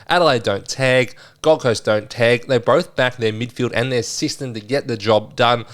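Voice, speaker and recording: A young Australian man hosts a solo sports podcast, previewing the weekend's games in a casual, lively way. He rambles a bit with fillers, speaking at normal speed in a mid-range voice.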